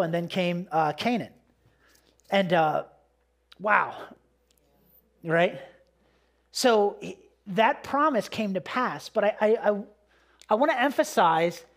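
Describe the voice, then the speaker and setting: A man, a pastor, giving a conversational sermon with a personal story, talking casually with repeated words and fillers. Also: high voice.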